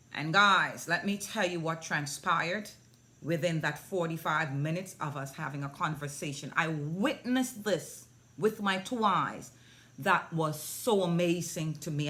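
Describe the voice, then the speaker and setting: A woman parenting coach telling a story to camera in an earnest, repetitive way, lifting into a high sing-song when she repeats her affirmations. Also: fairly bright tone. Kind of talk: motivational talk to camera.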